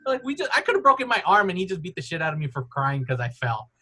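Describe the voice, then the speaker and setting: Bright-voiced man rambling through stories. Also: high-pitched, sing-song, fast. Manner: rambling storyteller, many "like"s, laughs often. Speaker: podcast host. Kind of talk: casual chat.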